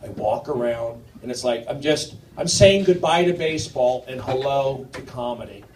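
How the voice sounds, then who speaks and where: A man performing a live stand-up set in a comedy club, rambling and jumpy, swinging from mumbled asides to sudden shouted outbursts. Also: medium pitch, normal speed. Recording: roomy, distant club recording with noise. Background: audience laughter.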